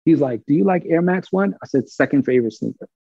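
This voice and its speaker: A man from Brooklyn, telling a story in casual, animated talk and acting out the other people's lines. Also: on the high side, fast, vocal fry, slightly rough, no echo, muffled recording. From Brooklyn, New York. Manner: animated, acts out quoted dialogue, swears freely.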